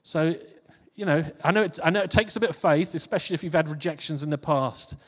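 A man's voice: fairly high pitch, fast. A man giving an informal sermon to a congregation, talking in a conversational way that repeats and restarts phrases. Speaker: preacher. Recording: long hall reverb.

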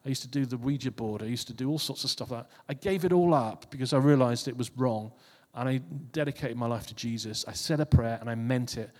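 A preacher with a medium-pitched voice speaks quickly, barely pausing, during an informal sermon to his congregation. His conversational delivery keeps repeating and restarting phrases, and the recording has long hall reverb.

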